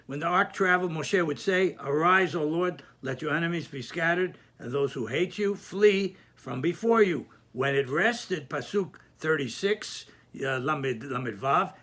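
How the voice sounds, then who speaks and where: Guy teaching hebrew verse grammar, kinda high bright voice, lots of restarts. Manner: careful, repeats words and restarts while explaining. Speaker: Torah teacher.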